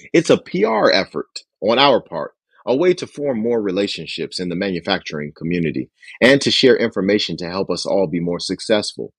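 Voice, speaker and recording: Husky low-voiced man reading aloud. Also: no echo, clean studio sound. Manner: acts out phone dialogue with raised pitch for characters. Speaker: host reading a business book aloud. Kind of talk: book reading with commentary.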